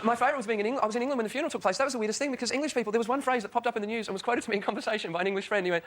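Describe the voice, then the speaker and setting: A man's voice: very high voice, racing, few pauses, fairly bright tone. An Australian man doing a rambling stand-up routine as a comedy panellist. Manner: rambling, self-interrupting joke-telling. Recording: noisy studio with audience.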